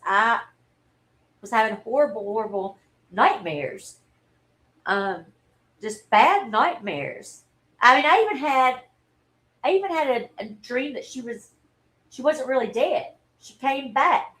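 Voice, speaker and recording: A woman, telling a personal story in a halting, earnest and openly emotional way on a livestream. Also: fairly high pitch, a bit bright, poor audio. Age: 40s. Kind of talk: candid personal livestream talk.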